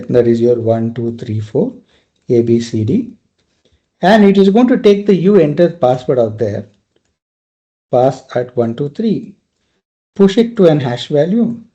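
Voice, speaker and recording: A man's voice: mid-range voice, warm tone, lo-fi sound. A male trainer giving a live technical lecture, explaining step by step and often checking in with "right?".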